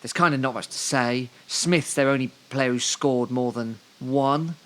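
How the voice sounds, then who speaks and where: A man co-hosting a casual football chat, talking at an ordinary middle pitch. He rambles through the news with a dry, joking tone. He is from Devon. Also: unhurried. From Devon, England. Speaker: podcast co-host.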